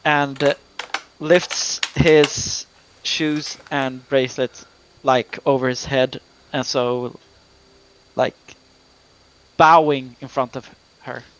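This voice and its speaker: A man's voice: mid-range voice, fairly even intonation, takes it slowly, a bit bright, slight background noise, poor audio. A man playing a tabletop game on stream, describing his character's actions hesitantly with many fillers. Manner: hesitant, searching for words. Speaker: player.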